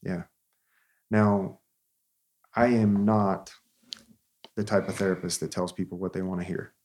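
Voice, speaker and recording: Earnest man telling a story, low-pitched. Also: flat delivery, unhurried, darkish tone. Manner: conversational, earnest, with frequent restarts. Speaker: therapist.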